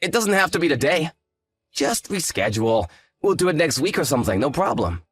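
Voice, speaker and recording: A man's voice: on the high side, very animated, a little fast, breathy edge, no room sound, faint music behind. A man voicing an arrogant, hungover young fiancé who talks in a lazy, condescending, sarcastic way. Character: arrogant hungover male fiancé, dismissive and smug. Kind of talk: scripted story drama.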